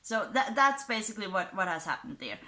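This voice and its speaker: A woman's voice: medium pitch, big pitch swings, a little fast, pushed and bright. A woman giving casual, sarcastic commentary, reading out posts and mocking them, and mentioning her own unusual accent. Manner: sarcastic, mocking, chuckles between points; self-described unusual accent. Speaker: commentary YouTuber.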